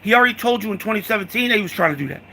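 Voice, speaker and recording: A man's voice: sits high, lively intonation, racing, gravelly, pushed and bright, a little hiss or hum. A man from the United States giving a heated, profane political rant, repeating himself and calling the listener "dog".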